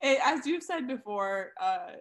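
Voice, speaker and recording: A woman's voice: sits high, animated, a little slow. A young woman co-hosting a casual book discussion, playful and giggly, riffing on jokes. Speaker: podcast co-host.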